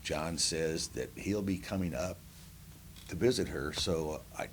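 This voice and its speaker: A man's voice: very deep voice, unhurried, slight background noise. A man, a band member, speaking matter-of-factly in an oral history interview in a museum.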